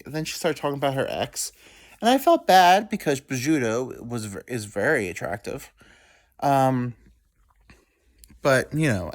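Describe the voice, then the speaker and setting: A young man tells a long story in a loose, rambling way. His pitch swings freely as he acts out what others said, and he pokes fun at himself along the way. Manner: rambling, self-deprecating, quotes people in quick asides. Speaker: podcast host. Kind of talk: casual storytelling monologue.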